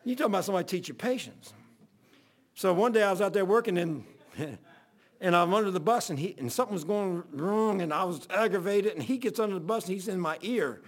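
This is a pastor spinning a comic tale from the pulpit, slipping into the voices of the people he describes. His voice sits high for a man and has a gravelly, rough edge. He talks in a loose, folksy way and laughs often. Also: expressive, a little fast. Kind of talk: storytelling sermon.

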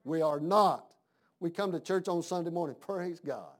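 A man's voice: on the high side, normal speed. A man preaching a sermon in a folksy, conversational way, asking his congregation questions.

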